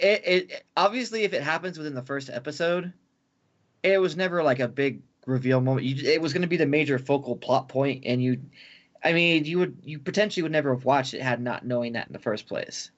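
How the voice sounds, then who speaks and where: A man's voice: medium pitch, highs cut off. A man co-hosting a casual anime talk stream, teasing his partner with wry remarks. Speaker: co-host.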